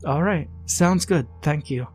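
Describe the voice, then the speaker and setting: A hesitant young woman on a phone call, as a male narrator puts her on, speaking softly. The voice is pushed high, well above his natural low register. Faint music plays underneath. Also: unhurried, husky. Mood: hopeful.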